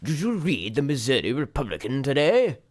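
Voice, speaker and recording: A man's voice: mid-range voice, wildly swooping pitch, moderate pace. A man voicing a chatty adult male frontier townsman in a folksy put-on accent that slips partway. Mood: gossipy.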